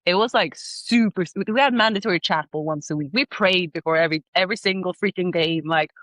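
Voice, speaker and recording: A young Swedish woman with a Swedish accent speaks on the low side and a little fast, with no echo. Joining a podcast as a guest over a remote call, she tells stories in casual, animated chat, saying "like" constantly and laughing often.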